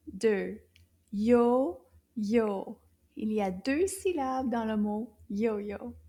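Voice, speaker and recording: Slow, high-voiced woman teaching children. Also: breathy edge. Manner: slow, exaggerated and animated, with frequent gasps and hushed whispers. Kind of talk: children's language lesson.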